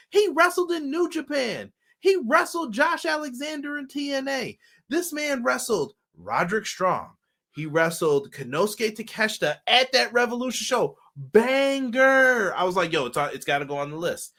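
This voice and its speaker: A man's voice: very high voice, big pitch swings, normal speed, a bit bright. A male co-host, chatting casually and animatedly on a live wrestling stream, often exclaiming and swearing.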